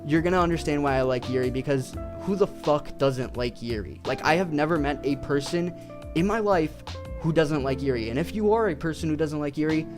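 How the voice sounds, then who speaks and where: A man's voice: on the high side, fairly quick, over music. A young man ranting casually about his favorite fighters, swearing constantly and rambling. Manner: profane, rambling, excitable. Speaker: video creator.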